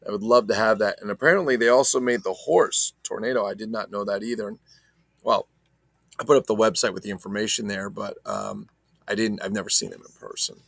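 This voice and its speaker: Low gravelly guy rambling about action figures, cussing, chatting to viewers, dry room. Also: sing-song, brisk, fairly bright tone, no echo. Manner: rambling, swearing, talks to live chat viewers. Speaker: toy collector vlogger. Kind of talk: casual unboxing chat.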